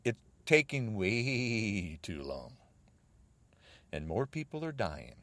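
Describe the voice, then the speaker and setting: An American man delivering an agitated political rant, repeating himself and swinging between raised outbursts and low muttering. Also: big pitch swings, takes it slowly, a bit bright, no room sound. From United States.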